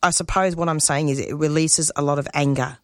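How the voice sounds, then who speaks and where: A woman, a community radio producer speaking as an interview guest, earnest and emotional, halting and restarting her sentences. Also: sits low, fairly even intonation, no echo, clean studio sound. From Australia. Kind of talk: interview guest, spontaneous talk.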